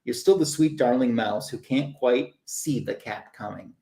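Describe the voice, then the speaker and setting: A man's voice: medium pitch, unhurried, creaky, mellow. A man voicing a flirtatious female cat burglar in a playful, teasing way. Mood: taunting. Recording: roomy echo.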